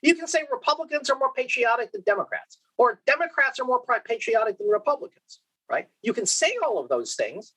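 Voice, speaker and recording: A man's voice: extremely high pitch, brisk, rough recording. A man giving a conference keynote lecture, asking the audience rhetorical questions and checking in with "okay?". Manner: lively, questioning, frequent "okay?" and restarts. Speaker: keynote speaker.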